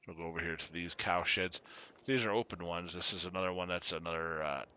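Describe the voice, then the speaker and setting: A man giving casual commentary while streaming a farming game, chatty and quick to laugh as he greets his viewers. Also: low voice, steady tone, bright, forceful tone, smooth, highs cut off. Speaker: gaming streamer.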